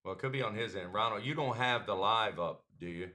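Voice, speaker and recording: A man's voice: lowish voice, a little fast, bright, forceful tone. A man hosting a racing talk show, laid-back and laughing as he moderates a casual chat. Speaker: show host.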